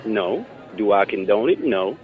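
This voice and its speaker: A man's voice: fairly low pitch, lively intonation, a little slow. A man hosting a casual chat, talking things through reflectively and often repeating words as he thinks. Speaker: podcast host. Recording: muffled lo-fi audio with faint music.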